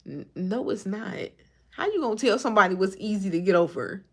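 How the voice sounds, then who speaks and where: A woman's voice: medium pitch, a little fast. A woman in her twenties with a Chicago accent, chatting casually on a livestream and answering her chat. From Chicago suburbs. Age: 20s. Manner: animated, talks back to chat.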